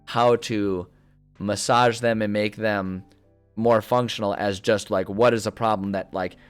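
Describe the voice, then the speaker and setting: A streamer thinking aloud in casual chat as he plans a story, rambling with many fillers and restarts. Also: fairly low pitch. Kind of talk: casual livestream chat about story planning.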